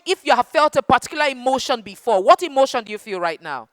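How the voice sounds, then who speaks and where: A woman giving an interactive talk to children, animated and affectionate, calling them darling and baby. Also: on the high side, quick pace, no room sound. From Nigeria. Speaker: children's book festival speaker. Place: festival hall with young audience.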